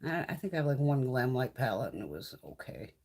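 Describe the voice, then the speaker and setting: A woman's voice: rumbling low, very animated, fairly quick, a little mellow. Blunt, swearing woman chatting casually. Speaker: beauty vlogger. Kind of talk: casual live-stream chat.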